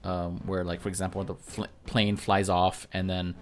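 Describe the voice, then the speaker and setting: A man co-hosting a podcast in casual chat, hesitant, often pausing and restarting. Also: deep voice, flat delivery, soft background music. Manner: hesitant, many fillers and restarts. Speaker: podcast co-host.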